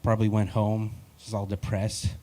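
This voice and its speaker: A man's voice: lowish voice, monotone, moderate pace, dark tone. Wry rambling male stand-up comic. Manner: wry, rambling and self-deprecating. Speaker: stand-up comedian. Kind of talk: live stand-up set.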